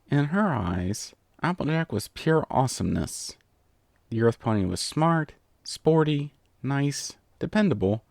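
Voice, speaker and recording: Guy reading a pony story out loud, playful and expressive, dead dry sound. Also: on the low side, no room sound. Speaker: story reader. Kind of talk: animated storybook narration.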